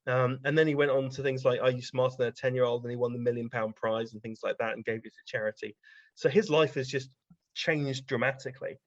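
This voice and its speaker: A man tells casual stories as a podcast guest, rambling along and peppering his talk with ums. His voice sits at an ordinary middle pitch. The recording is dry and a little dull, with no room sound. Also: steady tone, quick pace, no room sound. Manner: rambling, anecdotal, frequent ums. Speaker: guest science writer. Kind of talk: casual interview storytelling.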